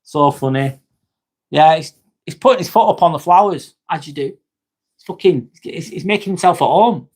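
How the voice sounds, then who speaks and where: A man's voice: fairly high pitch, normal speed, a little mellow. A man with an East Lancashire accent hosting a casual live chat, laid-back and chummy, calling everyone mate and swearing freely. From Northwest England. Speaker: livestream host. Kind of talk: casual live chat, reading viewer comments.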